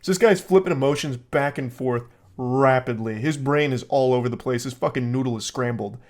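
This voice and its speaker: A man's voice: mid-range voice, fairly quick. A young man giving sarcastic comedic commentary while reading text messages aloud. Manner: sarcastic, dry. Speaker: YouTube commentator.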